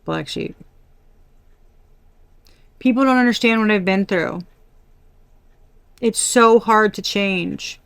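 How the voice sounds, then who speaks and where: A woman reading tarot cards for a general audience in a loose, chatty way. She speaks bluntly, swears freely and vents her irritation in quick asides. Her voice sits at an ordinary middle pitch and sounds close and dry, with no room echo. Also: gravelly, a bit bright, clean tone. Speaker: tarot reader. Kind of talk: casual collective tarot reading.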